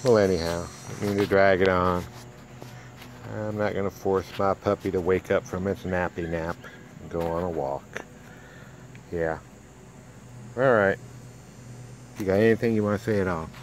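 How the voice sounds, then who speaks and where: Low-voiced guy sweet-talking his puppies, bit of faint noise behind. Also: steady tone, moderate pace, long pauses, rough recording. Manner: doting, coaxing talk to his pets. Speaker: dog breeder. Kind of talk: casual home video chat with his dogs.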